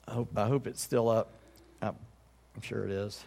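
A man's voice: fairly high pitch, fairly quick, creaky, long pauses, big-room sound. A man pastor preaching a sermon in a conversational way, often checking in with his congregation.

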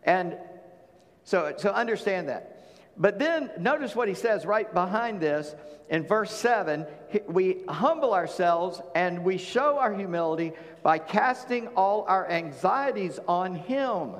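A man's voice: sits high, lively intonation, a little slow, long reverb tail. A man preaching a sermon in a folksy, conversational way, with plain-spoken asides to his congregation. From Charleston, South Carolina. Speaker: pastor.

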